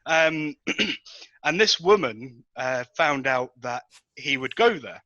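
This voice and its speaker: A man's voice: mid-range voice, lively intonation, slow, sharp tone. A man on a podcast, telling a rambling anecdote with lots of ums and restarts. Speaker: podcast regular telling a story. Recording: dull lo-fi dry sound.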